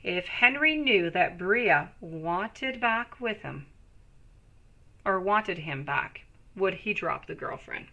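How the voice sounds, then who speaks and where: A woman's voice: fairly low pitch, lively intonation, slow, pushed and bright, dull audio. A woman giving live tarot readings to viewers, reassuring and calling them sweetie. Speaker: tarot reader.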